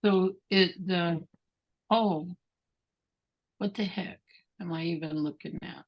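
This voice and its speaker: A woman's voice: on the low side, fairly even intonation, measured pace, vocal fry, long pauses, rough recording. A woman student in a language lesson, thinking aloud hesitantly and asking questions. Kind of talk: tutoring session.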